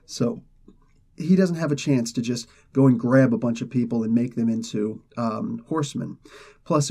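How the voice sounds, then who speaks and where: A man recaps a comic storyline in loose, chatty bursts, tripping over his words as he races ahead. His voice is dark and soft-edged, with a husky grain. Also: mid-range voice. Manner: excitable storyteller, many fillers and restarts. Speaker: comic book reviewer, host. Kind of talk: casual plot recap.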